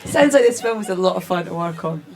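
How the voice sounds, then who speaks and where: A woman's voice: on the low side, expressive, fast, a little mellow, a faint crowd. A woman moderating a cast Q&A at a live event, chatty and upbeat and full of ums. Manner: chatty, upbeat, filler-heavy. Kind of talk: hosting a cast Q&A. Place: live stage event with an audience.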